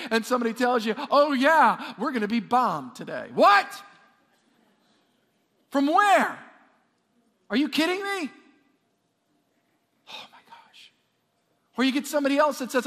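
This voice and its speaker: High-voiced preaching pastor, echoing hall. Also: male voice. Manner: animated, repeats words, calls on congregation to respond. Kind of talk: sermon.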